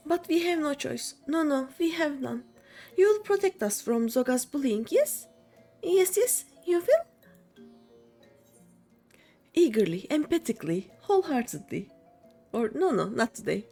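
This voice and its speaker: Girl doing a jittery little kobold guy, high and squeaky, piles up three words at a time, frets about everything, game music faint in the back. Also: very animated, measured pace, pauses often, dark tone, exaggerated voice. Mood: pleading, flattering. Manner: frantic, repeats words in threes. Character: timid fretful male kobold, small.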